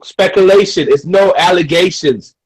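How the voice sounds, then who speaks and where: A man's voice: high-pitched, normal speed, crowd noise, rough recording. A man co-hosting a podcast, arguing defensively and repeating himself to insist on what he said. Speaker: podcast co-host. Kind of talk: casual debate.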